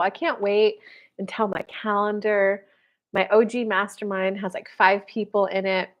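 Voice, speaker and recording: A woman hosting a casual spiritual livestream, giving readings and acting out the voices of people she describes. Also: medium pitch. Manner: animated, acts out quoted voices.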